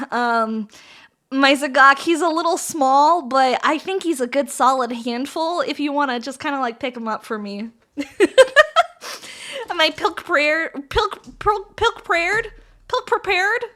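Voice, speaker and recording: A woman streamer with a high voice and sharp tone builds model kits while chatting casually with viewers. She's playful and giggly, swears often, and banters with her chat.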